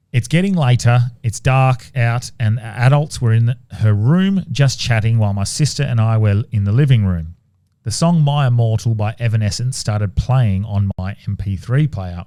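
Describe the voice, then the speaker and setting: A man co-hosting a podcast, reading listener ghost stories aloud in a relaxed, casual way and sometimes stumbling and restarting mid-sentence. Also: fairly low pitch, dry recording. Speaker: podcast co-host.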